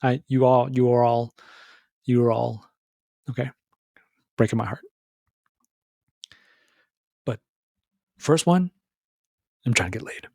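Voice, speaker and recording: A young man talking casually to his viewers, rambling and stammering through restarts, animated and full of bro slang. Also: mid-range voice, slow, creaky, long pauses, no echo, studio quality. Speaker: YouTuber. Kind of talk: casual monologue to camera.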